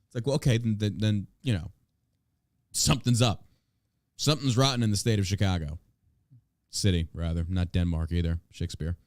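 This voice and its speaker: A man's voice: on the low side, a little fast, a little mellow, no room sound. An American man hosting a podcast, ranting in a profane, combative and sarcastic way. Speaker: podcast host. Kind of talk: opinion podcast rant.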